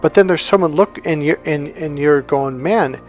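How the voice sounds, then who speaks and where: A man's voice: fairly high pitch, moderate pace, faint music behind. A man, a self-help coach and hypnotherapist, talking casually to camera and telling a rambling story in which he acts out the lines of the people in it.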